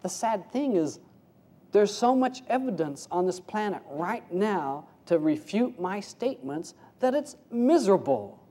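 A man preaching an informal sermon with a mellow, warm tone. His delivery is folksy and conversational, full of rhetorical questions. He drops into hushed, low stretches and then rises to louder, livelier bursts. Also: sing-song, measured pace. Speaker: spiritual teacher.

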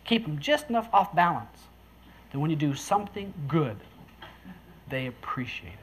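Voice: medium pitch, very animated, normal speed, slight background noise. A speaker, casually telling a story to listeners, chuckling often and acting out the voices of the people in it. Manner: folksy, chuckles between lines, acts out quoted voices.

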